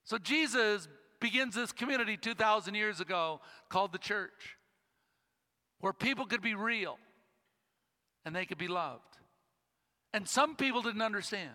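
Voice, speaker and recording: A male pastor preaching a sermon, telling a story with slow, dramatic pauses. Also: sits high, expressive, sharp tone, in a large hall.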